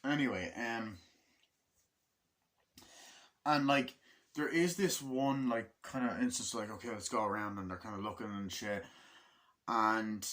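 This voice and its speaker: A man's voice: on the low side, unhurried, long pauses, fairly bright tone. A man giving a casual film review in a rambling way, with lots of fillers, swearing and laughter. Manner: rambling, full of fillers and profanity, laughs often.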